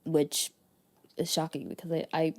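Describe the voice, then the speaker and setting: A woman's voice: low voice, little pitch movement, moderate pace. A young woman hosting a podcast, talking in an earnest, reflective way with plenty of fillers. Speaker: podcast host. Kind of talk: casual chat.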